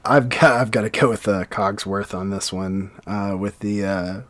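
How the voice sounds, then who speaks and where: Low-voiced man musing on a film. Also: steady tone, normal speed, a bit bright, dry recording. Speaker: podcast co-host. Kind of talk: casual movie discussion.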